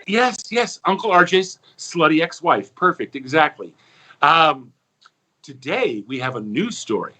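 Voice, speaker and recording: A man telling a long joke and then a rhyming story, animated, with stammers and restarts. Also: a little high, poor audio. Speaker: comedy performer.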